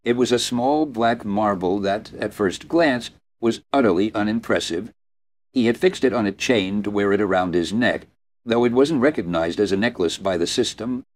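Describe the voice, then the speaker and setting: A man narrating a fantasy audiobook in a steady, even storytelling manner. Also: fairly low pitch, moderate pace. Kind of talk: scripted narration.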